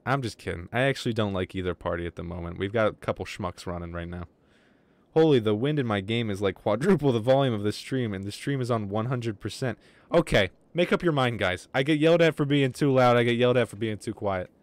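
A man's voice: fairly low pitch, lively intonation, quick pace, dry recording. A man streaming a game live, chatting casually with viewers in a rambling, joking way and swearing freely, with some wheezy breathing. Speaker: gaming streamer. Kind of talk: casual livestream chat.

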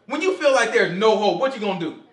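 A man leading an informal Bible study, lively and acting out scenes in quoted voices. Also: high voice, fast talker. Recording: echoey room.

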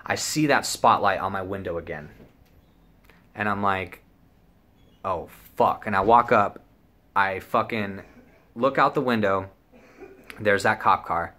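A man's voice: fairly low pitch, unhurried, pauses often. A young man telling a story casually, rambling and swearing as he acts out what people said. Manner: profane, rambling, animated storytelling with acted-out quotes. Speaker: vlogger.

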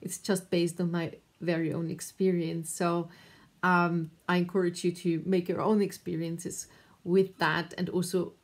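A woman talks to her viewers in a fairly low voice. Her delivery is thoughtful and encouraging, and she pauses now and then with soft fillers. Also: level tone. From Austria. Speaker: artist and video creator. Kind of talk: advice talk to camera.

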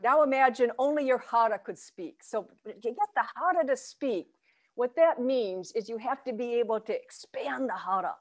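Relaxed woman Zen teacher guiding voice work. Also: moderate pace. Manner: demonstrates chants and low vowel sounds from the belly; relaxed and encouraging, with light laughs. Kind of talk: voice and chanting workshop.

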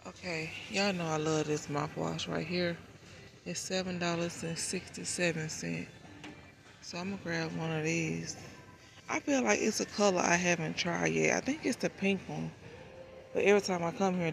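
A woman's voice: fairly low pitch, moderate pace, creaky. A woman chatting casually to her viewers while she shops in a large supermarket, thinking aloud about prices as she goes. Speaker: shopping vlogger. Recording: noisy store background.

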